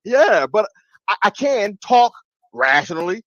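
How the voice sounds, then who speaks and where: A man's voice: high-pitched, measured pace, no echo. A man ranting and laughing in casual livestream chat, his talk full of restarts and sudden bursts. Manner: animated ranting, laughs between lines. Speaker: stream panelist. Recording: muffled lo-fi audio.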